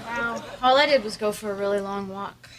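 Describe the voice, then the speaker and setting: A woman's voice: medium pitch, fairly quick, very noisy, natural voice. An actress playing a chirpy, flaky young woman who rambles through a chatty story. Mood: rambling. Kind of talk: sitcom acting.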